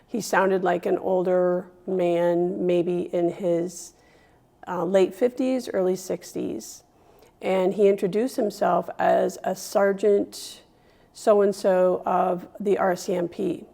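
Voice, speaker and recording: A woman guest recounting a personal experience in an interview, hesitant and pausing often with fillers. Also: fairly low pitch, fairly even intonation, gravelly, dark tone. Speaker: guest sharing a scam experience.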